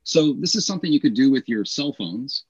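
A man co-hosting a casual teaching podcast, explaining with emphatic, quickly acted classroom examples. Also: mid-range voice, animated, breathy edge, muffled recording. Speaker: podcast co-host, English teacher.

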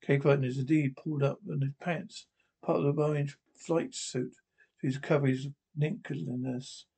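A man's voice: medium pitch, fairly even intonation, moderate pace, creaky, mellow, breathy edge. A man reading a scripted description of a TV episode aloud, naming each speaker before the line. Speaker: audio describer.

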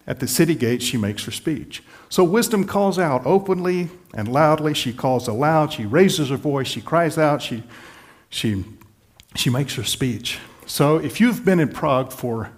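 A man's voice: fairly high pitch, expressive, a little slow. A middle-aged male pastor giving a sermon in an easygoing, explanatory way, often restarting phrases. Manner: conversational, explanatory, with light laughs and restarts.

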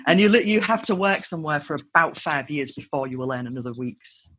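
Guest: husky woman in her forties, sarcastic, laughs a lot. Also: deep voice, expressive, fairly quick, a bit bright. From northern England. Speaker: podcast guest. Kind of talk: casual interview chat.

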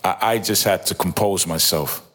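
A man's voice: low voice, normal speed, fairly bright tone. A man giving an informal, emphatic Bible commentary, often repeating himself and exclaiming in awe. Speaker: Bible teacher.

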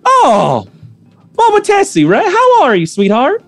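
A man putting on a doting high-voiced shopkeeper woman. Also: huge pitch swings, unhurried, no room sound, exaggerated voice. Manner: doting, high and sing-song. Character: warm fussy female shopkeeper calling everyone sweetheart.

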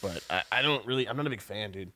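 A man's voice: fairly low pitch, lively intonation, quick pace, bright, forceful tone. A man co-hosting a podcast, telling a story in a casual chat full of swearing. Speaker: podcast co-host.

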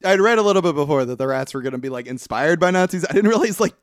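A man co-hosting a podcast, reacting to the story with jokes and quick quips. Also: on the high side, lively intonation, no room sound, studio quality. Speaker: podcast co-host. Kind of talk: casual chat.

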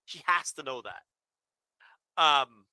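A man's voice: on the high side, lively intonation, very slow, sharp tone, smooth, no echo, studio quality. A man co-hosting a podcast in casual chat, blunt and sarcastic in his remarks. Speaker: podcast co-host.

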